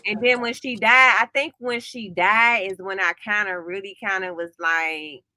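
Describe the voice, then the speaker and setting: A woman's voice: medium pitch, steady tone, moderate pace, pushed and bright, dry recording. A woman with a Washington, D.C. accent, co-hosting a casual gossip chat, talking frankly and often restarting her sentences. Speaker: co-host.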